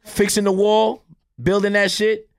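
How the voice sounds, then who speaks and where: A man's voice: high-pitched, flat delivery, measured pace, no room sound. A man from Miami, a podcast guest, arguing his points emphatically with plenty of profanity. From Miami, Florida. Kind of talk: heated podcast debate.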